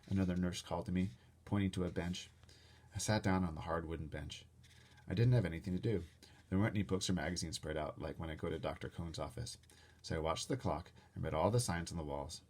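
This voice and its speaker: A man reading a children's chapter book aloud in an animated way, adding his own asides. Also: low voice, fast. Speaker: storybook reader.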